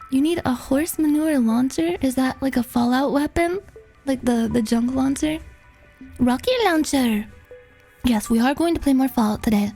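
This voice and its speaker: A woman's voice: on the high side, mellow. A woman streamer in casual chat, rambling and laughing, with lots of "like" fillers. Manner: rambling and laughing, heavy use of "like".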